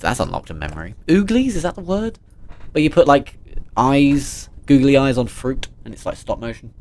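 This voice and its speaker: A man's voice: mid-range voice, a little mellow. A man, chatting casually and playfully on a livestream while reading and answering chat. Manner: chatty and playful, reads chat aloud and reacts with jokes. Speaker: streamer.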